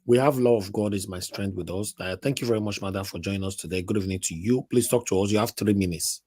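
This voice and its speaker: Low husky call-in host. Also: male voice, warm tone. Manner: brisk, polite. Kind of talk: live call-in hosting.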